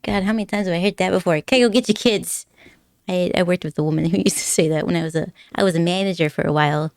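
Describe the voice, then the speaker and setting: A woman streamer rambles through a casual chat with her viewers, giggling often and teasing them playfully. Her voice sits fairly low, and the close mic sounds dry with no room echo. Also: quick pace, darkish tone. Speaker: live streamer.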